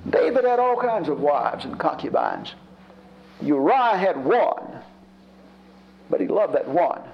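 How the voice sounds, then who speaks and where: A man's voice: a little high, big pitch swings, slow pace, vocal fry. A man preaching a sermon in a conversational, emphatic way, building his points through repetition. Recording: dull lo-fi recording.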